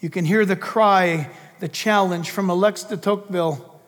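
A fervent male preacher with a very high voice delivers an emphatic political sermon. He presses on with rhetorical questions and repeated phrases, and his words ring out with a long reverb in a large hall. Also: fairly even intonation, normal speed, a bit bright.

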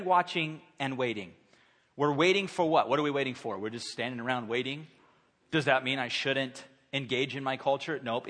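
A man in his thirties preaching a sermon in a church, conversational and animated, acting out quotes. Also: mid-range voice. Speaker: pastor. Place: church sanctuary. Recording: long hall reverb.

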